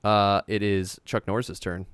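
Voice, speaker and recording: A man with a fairly low voice hosts a board game stream. He chats casually, joking around and laughing easily between turns. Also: flat delivery, a bit bright, clean tone, dry recording. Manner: joking, playful, quick to laugh. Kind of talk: casual chat while playing a board game.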